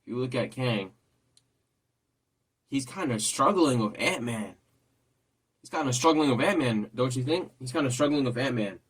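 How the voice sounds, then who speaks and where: A man's voice: mid-range voice, animated, normal speed, long pauses, breathy edge. A man hosting a casual trailer reaction, rambling and repeating himself as he thinks aloud. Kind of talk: casual chat.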